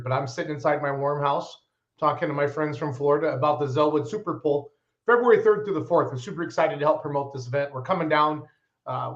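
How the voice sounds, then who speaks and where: Chatty guy hosting a live stream from his house, kinda high voice, muffled lo-fi sound. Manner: upbeat, chatty, lively promoter. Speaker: host of a live pulling show stream. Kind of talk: live-stream chat, reading viewer comments. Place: inside his home. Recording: dull lo-fi stream audio.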